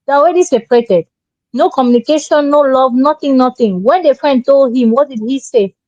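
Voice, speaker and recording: A woman's voice: sits high, brisk, a little mellow, no echo. A woman, co-hosting a relationship show and giving emphatic, preachy advice. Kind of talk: opinionated advice talk. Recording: dull lo-fi sound.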